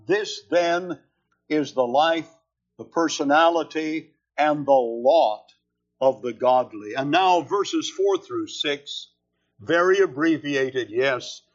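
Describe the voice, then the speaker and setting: A man preaching an expository sermon, with slow, deliberate and emphatic phrasing. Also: on the high side. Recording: dull lo-fi sermon recording.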